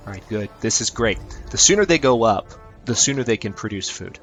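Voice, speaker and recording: Man, lowish voice, casual let's-play commentary, chatty and upbeat, thinks aloud, faint music behind. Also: lively intonation, a little fast. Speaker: gameplay commentator.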